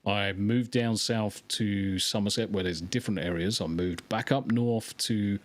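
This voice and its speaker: A man's voice: on the low side, fairly even intonation, unhurried, no room sound. A man from England with a mixed English accent, a guest chatting casually on a podcast and telling stories animatedly.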